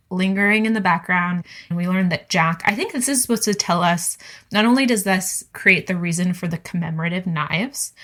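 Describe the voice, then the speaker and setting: A woman co-hosting a podcast, talking through a book in casual chat and acting out characters' lines in quick voices. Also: fairly low pitch. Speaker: podcast co-host.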